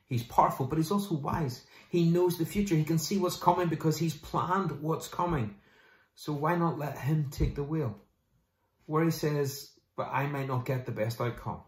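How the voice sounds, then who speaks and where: A male pastor delivering a sermon, lively and conversational, sometimes mimicking people in quick asides. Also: medium pitch, roomy sound.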